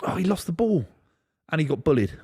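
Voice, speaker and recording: A man's voice: fairly high pitch, sing-song, brisk, dark tone, breathy edge. A young man co-hosting a football watchalong, joking and mock-complaining with the lads between laughs. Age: young adult. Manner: jokey, mock-exasperated, laughs between lines. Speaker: podcast co-host. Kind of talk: casual football watchalong banter.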